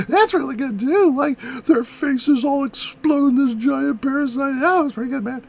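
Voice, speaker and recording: A music video reactor in casual commentary, rambling and excitable and talking straight to viewers, whose voice sounds a little off after a recent illness. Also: sits high, moderate pace, vocal fry, few pauses, low-quality recording. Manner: frequent self-corrections and asides.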